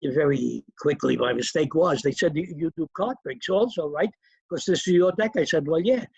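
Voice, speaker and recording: A man's voice: on the high side, normal speed, vocal fry, husky, dry recording, lo-fi sound. An older man, a magician being interviewed, telling stories from his past and acting out the people in them. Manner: animated, acts out quoted voices. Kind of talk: anecdotal storytelling.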